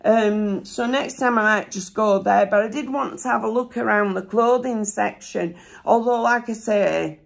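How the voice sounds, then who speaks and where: A woman with a Yorkshire accent chatting casually through a haul vlog, with a sore throat that leaves her voice a bit rough and her breath slightly short, rambling homely with lots of fillers. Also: mid-range voice, normal speed. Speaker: haul vlogger. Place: seated indoors.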